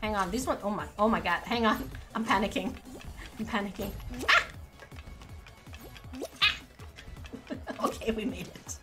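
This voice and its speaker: A woman streaming a game live with her viewers, excitable and giggly, full of exclamations. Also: medium pitch, fairly quick, music in the background. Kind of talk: casual live gaming commentary.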